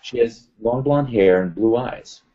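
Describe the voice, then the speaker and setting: A man telling a personal story as an interview guest, animated and acting out the voices of others. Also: medium pitch, measured pace. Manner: animated retelling, acts out quoted voices. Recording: dull lo-fi sound.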